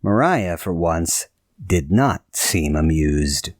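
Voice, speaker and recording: A man narrating a novel in a measured storytelling voice. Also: low-pitched, lively intonation, no room sound, clean studio sound. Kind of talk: scripted audiobook narration.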